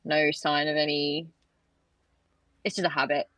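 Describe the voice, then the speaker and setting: A woman playing a tabletop game, narrating her character's actions softly and matter-of-factly. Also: low voice, flat delivery, unhurried, dry recording, rough recording. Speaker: player.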